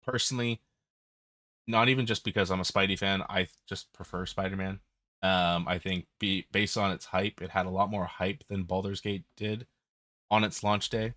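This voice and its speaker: A man's voice: deep voice, steady tone, normal speed, bright, forceful tone, dry recording, clean studio sound. A man hosting a podcast, talking casually and bluntly with frequent ums. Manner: blunt, candid, with filler ums. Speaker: podcast host.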